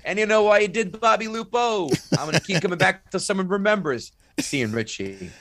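A man doing an impression of a gruff male action-movie tough guy with an exaggerated fake Brooklyn accent. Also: high-pitched, expressive, a little fast, a bit bright, no room sound, pitched above the performer's own voice. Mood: taunting.

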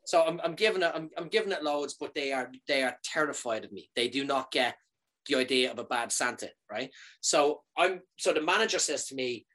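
A man casually telling a comic anecdote, animated, swearing freely and often checking in with "right?". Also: medium pitch, a little fast.

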